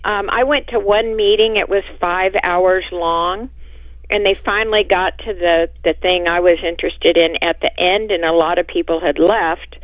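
A woman's voice: lowish voice, steady tone, moderate pace, no room sound. A woman calling in to a radio show over the phone, talking hesitantly with many fillers. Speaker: caller. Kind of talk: phone-in call. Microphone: telephone. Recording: tinny phone line.

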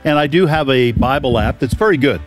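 A man's voice: mid-range voice, brisk, soft background music. An older man with a Boston accent, co-hosting a radio show in casual chat and stumbling over his words. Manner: animated, stumbling. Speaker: radio co-host.

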